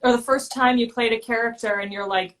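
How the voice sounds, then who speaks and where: A woman's voice: on the high side, steady tone, brisk, noisy background. A woman, an opera singer hosting a casual chat, asking curious, rambling questions.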